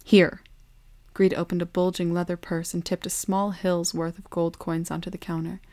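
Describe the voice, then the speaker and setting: Woman, storybook narration, calm, soft-spoken, low flat voice, mellow. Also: fairly quick, no echo.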